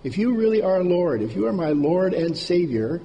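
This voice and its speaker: Male preacher, fairly high, gravelly voice, informal sermon delivery with repeated words, echoing hall, faint noise. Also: very animated, normal speed, dark tone. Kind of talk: conversational sermon.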